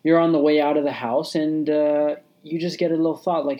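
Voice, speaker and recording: A man's voice: on the high side, level tone, a little fast, few pauses, muffled recording. A man hosting a motivational podcast, talking casually with many fillers, restarts and repeated phrases. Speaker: podcast host.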